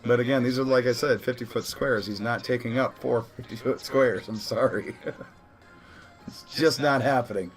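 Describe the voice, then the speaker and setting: A man's voice: mid-range voice, normal speed, soft background music. A man running a tabletop role-playing session as game master, casual and laughing, often correcting himself.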